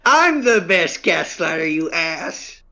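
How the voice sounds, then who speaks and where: A man's voice: fairly high pitch, sing-song, slow, pushed and bright. A man player in casual chat on a game stream, wry and teasing.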